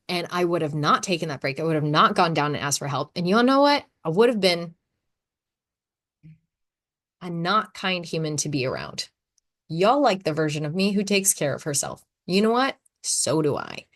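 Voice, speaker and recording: A woman in her thirties hosting a casual solo podcast, talking in a chatty, animated way and laughing often. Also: fairly low pitch, moderate pace. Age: 30s. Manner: chatty, animated, acts out her own quotes. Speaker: podcast host.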